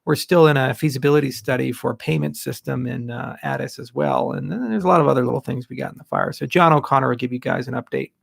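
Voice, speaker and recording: Founder answering live questions; gravelly, blunt, candid, dry close sound. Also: male voice, medium pitch, fast, hardly any pauses, no echo. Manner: candid, blunt, rambling asides. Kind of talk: livestream Q&A.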